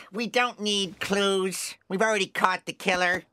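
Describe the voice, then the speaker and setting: A man's voice: high voice, fairly even intonation, measured pace, sharp tone, no room sound. A man voicing a dim, lazy male police inspector in a cartoon, with a dismissive drawl. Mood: smug.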